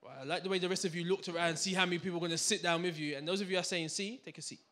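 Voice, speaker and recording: Brit guy running a money seminar, slightly high voice, high energy, keeps quizzing the room. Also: rapid-fire. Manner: energetic, interactive, quizzes the audience with banter. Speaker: seminar speaker. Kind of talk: live finance seminar talk. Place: room with a live audience.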